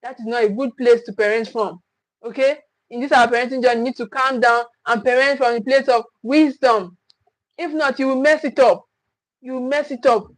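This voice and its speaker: A woman's voice: on the high side, steady tone, moderate pace, no room sound, rough recording. A woman gives a livestream parenting talk. She speaks earnestly, repeats her points and acts out what parents say. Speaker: parenting coach.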